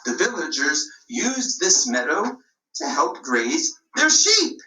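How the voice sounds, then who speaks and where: Woman puppeteer telling a kids' story, lively pitch, echoey room, mic at a distance. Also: slight background noise. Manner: slow, sing-song, expressive. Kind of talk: storybook narration for children.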